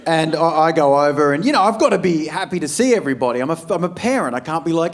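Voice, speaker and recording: A middle-aged Australian man doing a crude, blunt stand-up comedy set, slipping into high put-on voices when quoting people. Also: lively intonation, fast, hardly any pauses. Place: large comedy venue before a live crowd. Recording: live stage recording with crowd laughter. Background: audience laughter.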